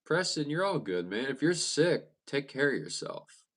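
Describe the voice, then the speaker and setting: A young man hosting a livestream, casually chatting with viewers and answering their comments in a relaxed way, often stumbling and restarting his sentences. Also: medium pitch, moderate pace. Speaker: livestream host. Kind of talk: casual live chat reading viewer comments.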